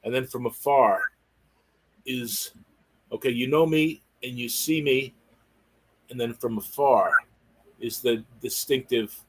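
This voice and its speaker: A man's voice: medium pitch, slow, long pauses, husky. A man hosting a livestreamed Bible study, affirming his co-teacher with enthusiasm and sounding out word rhythms. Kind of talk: casual livestream discussion.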